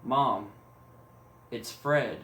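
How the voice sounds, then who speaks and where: A frightened teenage daughter in a horror story, speaking low and hushed, as a man quotes her. The room adds a ringing echo. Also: extremely slow. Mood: grim.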